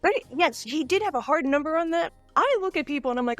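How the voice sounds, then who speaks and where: A woman's voice: high-pitched, expressive, fast talker, fairly bright tone, dry recording, faint music behind. A woman in her forties co-hosting a podcast in casual, jokey chat, laughing often and poking fun at herself. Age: 40s. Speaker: podcast co-host.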